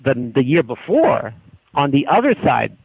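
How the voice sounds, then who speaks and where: A man's voice: medium pitch, a little slow, gravelly, husky, no room sound. Guy telling a story on a phone call into a podcast, lots of restarts, tinny and dry. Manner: animated, acts out quoted voices, frequent restarts. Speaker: podcast guest. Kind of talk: casual storytelling.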